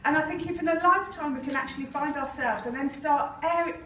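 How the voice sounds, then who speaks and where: A woman's voice: high voice, fairly quick, a bit bright, a little hiss or hum. Effusive woman compère in a roomy hall. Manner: effusive, laughing, chatty. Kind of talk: live stage interview. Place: conference hall. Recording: roomy hall sound from a distance.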